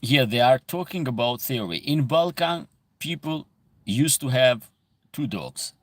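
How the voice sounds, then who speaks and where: A man's voice: mid-range voice, lively intonation, measured pace, no room sound. A man from Epirus, hosting a casual livestream and explaining at length as he answers viewer questions from the chat.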